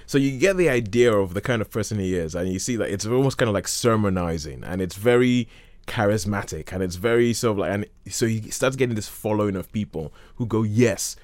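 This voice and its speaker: A man's voice: lowish voice, fairly quick, darkish tone, dry recording. A man hosting a film podcast, chatting casually, rambling and correcting himself as he goes. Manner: rambling, with self-corrections and laughs. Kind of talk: casual chat.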